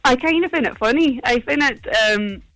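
A woman's voice: sits high, lively intonation, moderate pace, a bit bright, no echo, faint music behind, rough recording. A young woman from Shetland with a broad Shetland accent, chatting cheerfully as a caller on the phone. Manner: giggly, chatty, broad dialect. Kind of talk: casual chat.

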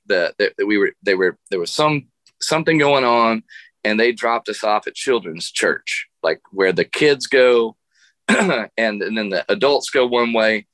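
A man's voice: fairly low pitch, fairly bright tone, no room sound. A middle-aged man, a guest musician, telling a funny story in a radio interview, laughing often and restarting his sentences.

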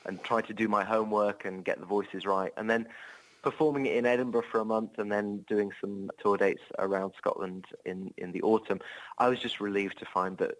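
English male comic, lowish voice, amiable and rambling, self-deprecating interview chat. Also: steady tone, brisk, low-quality recording. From England. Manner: rambling with restarts, amiable, playful. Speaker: touring comedian.

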